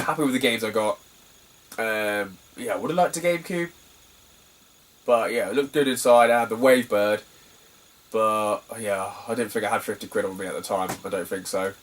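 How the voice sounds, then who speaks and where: Heard through a distant mic, a young British retro game collector rambles casually about the games he's found, laughing frequently. His voice sits at a medium pitch with a slightly bright tone.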